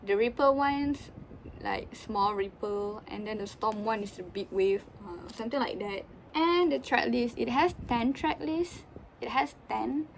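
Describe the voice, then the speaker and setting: A young woman, chatting casually as she unboxes albums, often gasping and squealing with excitement. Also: on the high side, measured pace, creaky, a little hiss or hum. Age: young adult. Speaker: vlogger.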